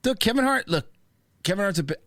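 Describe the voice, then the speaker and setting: A man's voice: sits high, lively intonation, fast talker, a bit bright, dry recording, studio quality. A man hosting a podcast, talking bluntly in casual chat and swearing freely. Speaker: podcast host.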